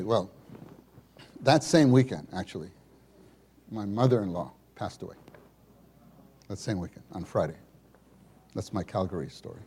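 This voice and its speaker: A man telling a personal story at a church meeting, animated and acting out the people in it. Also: low voice, a little hiss or hum. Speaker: speaker sharing a testimony at a church meeting.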